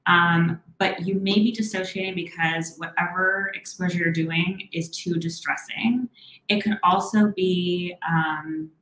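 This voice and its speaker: A young woman therapist answers live questions in a casual, quick way, often pausing on "um" and restarting her sentences. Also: lowish voice, steady tone. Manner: quick, warm-toned advice with many "um"s and restarts. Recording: echoey room.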